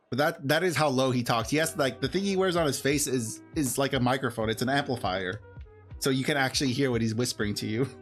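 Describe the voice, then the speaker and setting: A man streaming live, chatting casually and rambling while he opens a box of cards, getting excited and laughing often. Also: mid-range voice. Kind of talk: casual livestream chat while opening cards.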